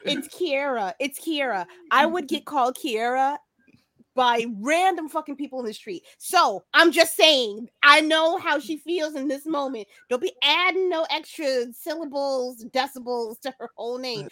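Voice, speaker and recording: A woman with a high voice, chatting on a podcast. She talks bluntly, swears freely and teases the others. The sound is dry and close. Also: normal speed, bright, forceful tone, dry recording. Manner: blunt, profane, teasing. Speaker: podcast co-host. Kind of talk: casual chat.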